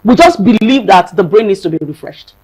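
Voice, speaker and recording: A woman's voice: medium pitch, expressive, fairly quick, warm tone, husky, poor audio. A woman, a psychologist and marriage counselor speaking as a guest on a studio talk show, earnest and emphatic, repeating phrases for stress.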